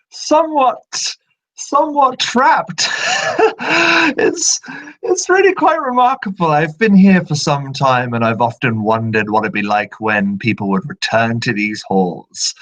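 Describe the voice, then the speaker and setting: A man voicing the trapped, bitter male spirit of a book, speaking in a high, giddy and unhinged way. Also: fairly bright tone, heavily acted, low-quality recording.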